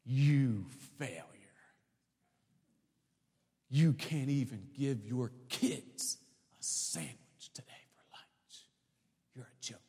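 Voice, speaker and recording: A man's voice: mid-range voice, moderate pace, a little mellow, husky, natural voice. A man whispering as a sneering devil. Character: taunting male devil whispering accusations. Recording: long hall reverb.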